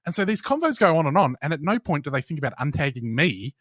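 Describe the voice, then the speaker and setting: A man's voice: on the high side, very animated, fast, fairly bright tone, no room sound. Joking Australian man hosting a podcast. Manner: joking, rambling storyteller. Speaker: podcast host. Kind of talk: casual chat.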